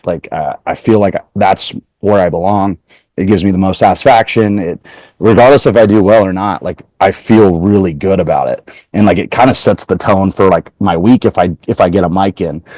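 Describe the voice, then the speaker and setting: Chatty low-voiced male comedian. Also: moderate pace, darkish tone, no echo. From Portland, Oregon. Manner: chatty, heavy use of "like", retells exchanges in quoted voices. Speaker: comedian guest. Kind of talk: casual interview storytelling.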